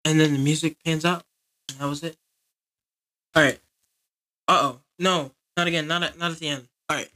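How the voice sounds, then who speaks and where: A man's voice: on the high side, steady tone, normal speed, long pauses, bright, forceful tone. Easygoing man rambling over gameplay. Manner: rambling, easygoing, talks to viewers. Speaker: gaming video creator. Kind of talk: casual gameplay commentary.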